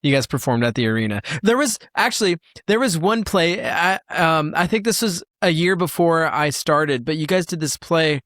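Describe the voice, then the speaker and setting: A man's voice: a little high, lively intonation, moderate pace, hardly any pauses, a bit bright, no echo, studio quality. A young man hosting a casual podcast interview, laughing easily and nudging the guest along. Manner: laughs easily, short backchannels. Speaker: podcast host.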